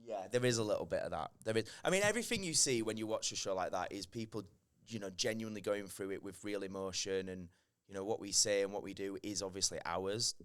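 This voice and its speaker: Man, 30s, somewhat low voice, casual chat, animated storyteller. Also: quick pace, clear, resonant tone. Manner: animated storytelling, acts out quoted lines. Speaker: podcast guest.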